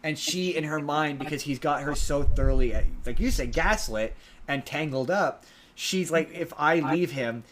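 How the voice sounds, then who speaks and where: A man's voice: on the high side, moderate pace, a bit bright, poor audio. A man co-hosting a podcast, recapping a movie in a rambling way with lots of restarts and acted-out quotes. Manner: rambling, many restarts and filler ums, acts out quotes. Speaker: podcast co-host.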